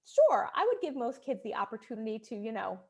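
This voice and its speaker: A middle-aged woman child psychologist giving a talk to parents, quick and conversational, often tagging "right?" and acting out children's demands. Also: very animated. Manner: quick conversational, frequent "right?" tag questions; acts out children's whiny demands in a high voice.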